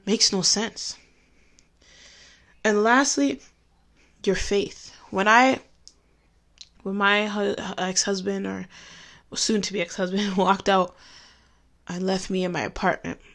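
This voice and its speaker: A woman shares her own faith story in an open, conversational tone. Her voice sits in a middle register. She slows right down to press home the points she cares about. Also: medium pitch, vocal fry, a bit bright. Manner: candid and conversational, with emphatic slowed phrases. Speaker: Christian speaker giving a testimony. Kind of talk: personal faith talk.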